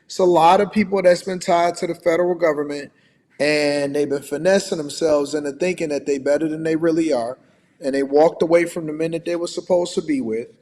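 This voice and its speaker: A man's voice: fairly high pitch, fairly quick, darkish tone. Lecturing man with a reverberant sound. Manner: emphatic, lecturing. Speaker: livestream co-host. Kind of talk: opinionated livestream commentary.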